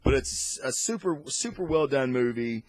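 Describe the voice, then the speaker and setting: A man hosting a casual comic and movie review, rambling and excitable, with lots of fillers and restarts. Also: mid-range voice, normal speed, dry recording. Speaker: host.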